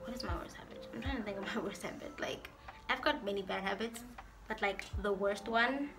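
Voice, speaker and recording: A woman's voice: medium pitch, a little fast, over music. A woman vlogger chatting casually through a get-to-know-me Q&A, reading out each question and answering it in a playful, talkative way.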